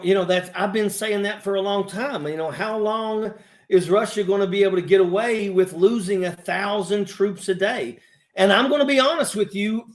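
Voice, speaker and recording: A man co-hosting a casual chat, talking earnestly and stumbling over repeated phrases. His voice is high for a man. The recording has a roomy echo. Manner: earnest, hesitant, repeats himself.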